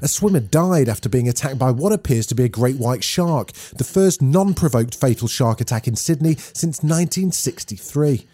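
A man hosting a daily news podcast, reading scripted stories in a brisk, clear newsreader delivery. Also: mid-range voice, expressive, dark tone.

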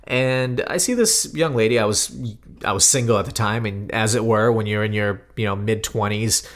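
A man in his thirties, a podcast co-host, telling a story in a lively, self-deprecating way. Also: fairly low pitch, normal speed. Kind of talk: casual storytelling chat.

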